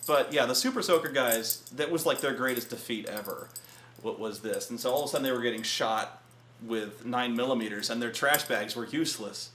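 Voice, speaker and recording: A man hosting a show, telling a tabletop gaming story in a casual, profane rant and acting out the players in loud bursts. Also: medium pitch, a little fast, roomy sound, slight background noise. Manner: profane, animated, acts out players and himself in shouted bursts.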